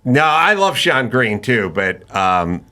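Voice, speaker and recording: A middle-aged man hosting a podcast, telling animated stories in casual chat and swearing freely. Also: medium pitch, slow pace. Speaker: podcast host.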